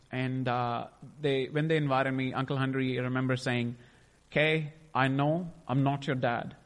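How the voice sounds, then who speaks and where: Young man, faith testimony, emotional, rambling, reverberant room. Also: mid-range voice. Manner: emotional, rambling, restarts often. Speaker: testimony speaker.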